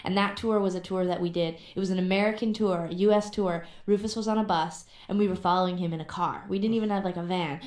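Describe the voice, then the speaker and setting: A woman's voice: on the low side, fairly even intonation, quick pace, hardly any pauses, a little mellow, reverberant. A young adult woman, a musician, telling stories in a casual radio interview with many fillers. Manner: chatty storyteller, many fillers. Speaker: musician guest. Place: radio studio.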